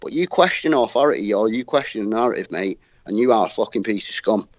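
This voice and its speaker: A man's voice: lowish voice, animated, fast talker, no echo. A man with a Northern English accent, talking bluntly in heated casual chat, swearing and saying "mate" constantly. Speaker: guest debater. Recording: dull lo-fi dry audio.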